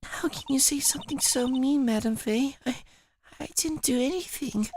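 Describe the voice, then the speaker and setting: A man voicing a sweet-talking young woman who plays innocent, in a soft, sugary tone. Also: extremely high pitch, normal speed, background noise, pitched above the performer's own voice. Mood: wounded.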